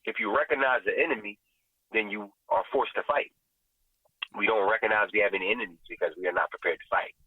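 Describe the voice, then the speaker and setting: A man's voice: fairly low pitch, fast, breathy edge, no room sound. A man delivers emphatic, preachy commentary as a podcast guest, pressing his points through repetition. His voice comes through a thin, phone-like line with a dry, close sound. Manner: preachy, emphatic, repeats "you know what I'm saying". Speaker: guest, vegan restaurant owner.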